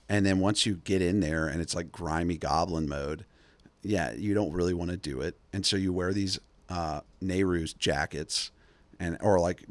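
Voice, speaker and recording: A man hosting a podcast, talking in a rambling, joking way with quick asides and restarts. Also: deep voice, dry recording. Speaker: podcast host. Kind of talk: casual podcast chat.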